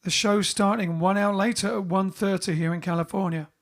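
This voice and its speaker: A man's voice: high voice, fairly even intonation, fairly quick. A man hosting a casual livestream from home, reading out viewers' greetings one by one in a chatty way. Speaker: bandleader and livestream host. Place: home during lockdown.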